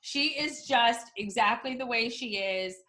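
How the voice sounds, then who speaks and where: A high-pitched woman with a bright, sparkling tone hosts a casual podcast chat. She is blunt and gossipy, swearing freely and acting out her own quoted lines with animated flair. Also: measured pace. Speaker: podcast host.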